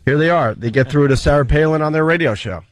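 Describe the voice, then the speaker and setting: A man's voice: on the high side, fast talker, slight background noise. Loose, laughing male radio host. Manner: loose, filler-heavy, laughs often. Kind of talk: casual radio talk show banter.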